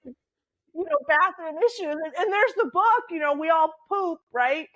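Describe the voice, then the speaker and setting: A middle-aged woman, a podcast guest and author, telling a travel story with lively acted-out quotes and laughter. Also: very high-pitched, unhurried, muffled recording, a little hiss or hum. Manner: animated, laughing, acts out quotes. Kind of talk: storytelling in conversation.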